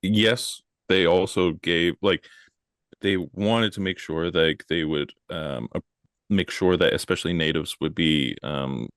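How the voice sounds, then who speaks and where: A man with a very low, deep voice speaks earnestly, pausing and filling gaps as he searches for words. The recording is close and dry. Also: fairly bright tone, no room sound. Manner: earnest, halting, lots of fillers. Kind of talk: casual podcast discussion.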